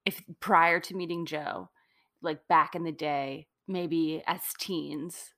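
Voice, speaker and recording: A woman's voice: low voice, fairly even intonation, slow pace, fairly bright tone. A woman co-hosting a podcast in casual, playful chat. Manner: playful, jokey. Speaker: podcast co-host.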